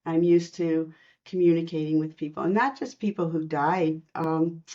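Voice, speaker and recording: A woman telling personal spiritual stories in a podcast interview, earnest and animated, acting out the quotes. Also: deep voice, normal speed, dull audio. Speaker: spiritual medium guest.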